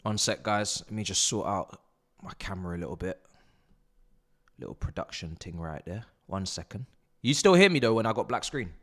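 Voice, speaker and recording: A young man hosting a live football watch-along, excitable and swearing, shouting at the players. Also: on the low side, normal speed. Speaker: live stream host.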